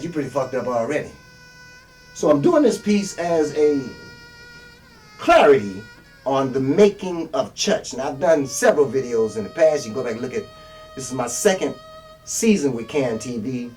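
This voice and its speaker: Blunt, profane preacher man, lively pitch. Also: normal speed. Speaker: self-styled minister. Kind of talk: profane street sermon to camera. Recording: distant mic with faint music.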